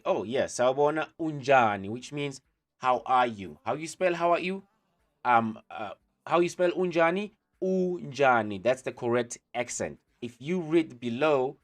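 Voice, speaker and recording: A man giving a casual online language lesson, relaxed and chatty, with many pauses and filler words. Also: mid-range voice. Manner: relaxed, chatty, many ums and you-knows. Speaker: language teacher.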